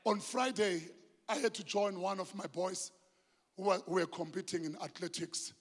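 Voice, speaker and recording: A South African man preaching a sermon as pastor, passionate and swinging between hushed and shouted delivery, slipping in Zulu phrases. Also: high voice, fairly even intonation, normal speed. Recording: long hall reverb.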